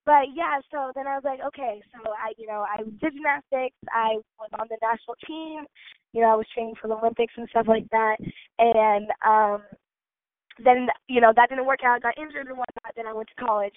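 A woman's voice: on the high side, brisk. Bubbly young woman on a tinny line. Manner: bubbly, chatty, many fillers. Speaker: guest, gymnast and dancer. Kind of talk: casual interview talk. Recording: tinny phone-like line, dry.

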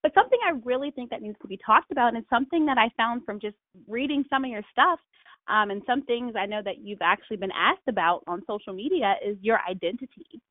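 A woman's voice: fairly high pitch, animated, fast, no room sound. A woman hosting an interview, asking questions and encouraging her guest. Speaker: interviewer, host. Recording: tinny phone-like line, dry.

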